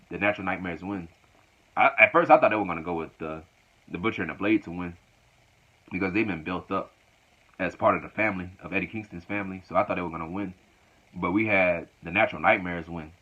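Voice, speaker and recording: A man's voice: low voice, pushed and bright. A man casually recapping a show, rambling, repeating his words and often laughing. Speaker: wrestling show reviewer. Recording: lo-fi dull recording.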